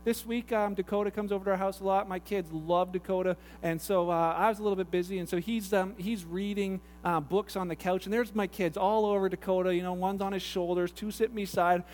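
A man's voice: high-pitched, steady tone, brisk, few pauses, darkish tone. A man preaching a sermon, pastor's chatty storytelling with asides. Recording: echoey hall with long reverb.

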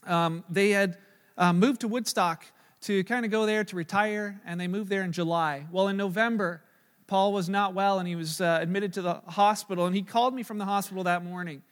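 High-voiced pastor in a reverberant hall. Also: male voice, steady tone, a little fast, smooth. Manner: earnest, retells a hospital conversation with many fillers and restarts. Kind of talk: sermon storytelling.

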